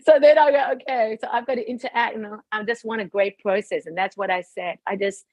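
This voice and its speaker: A woman on a group video call, telling a personal story in a casual, animated way, laughing often and acting out her own past thoughts. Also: on the high side, moderate pace, dry recording. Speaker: participant sharing a testimony on a group call.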